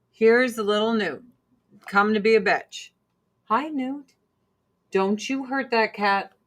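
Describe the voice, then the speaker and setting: A woman's voice: mid-range voice, a bit bright. A woman in her forties chatting casually to her viewers, blunt and profane, breaking off to scold and coo at her cats. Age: 40s. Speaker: vlog host. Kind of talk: casual livestream chat.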